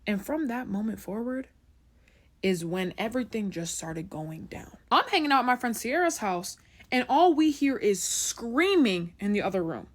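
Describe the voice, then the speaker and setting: A woman's voice: a little high, sing-song, moderate pace. A young woman telling a story in a casual, chatty way, often checking in with the listener. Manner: chatty, keeps asking "right?".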